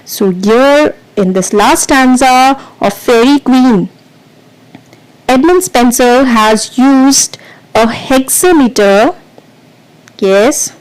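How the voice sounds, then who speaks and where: A woman's voice: sits high, poor audio. A woman teaching vocabulary as a quiz, explaining patiently and counting down before each answer. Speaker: English teacher.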